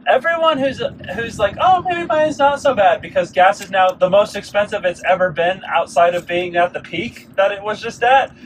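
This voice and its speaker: Casual podcast co-host, male, sarcastic ranter, slightly high voice, recorded off-mic in a car. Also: lively intonation, normal speed, hardly any pauses, far from the mic. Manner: ranting, sarcastic. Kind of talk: casual chat. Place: moving car. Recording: noisy car interior, off-mic.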